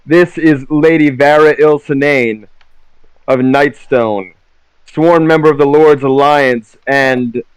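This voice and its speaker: A noble paladin lady declares herself in an earnest, courtly way, as a man puts her on. The voice is smooth and resonant. The sound is close and dry. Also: a little high, steady tone, takes it slowly, no room sound, poor audio.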